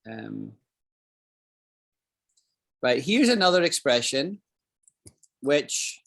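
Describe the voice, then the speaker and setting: A man's voice: medium pitch, very animated, gravelly, a bit bright. Scottish man teaching an English lesson. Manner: explains slowly, repeats phrases, checks for understanding. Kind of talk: live online English lesson.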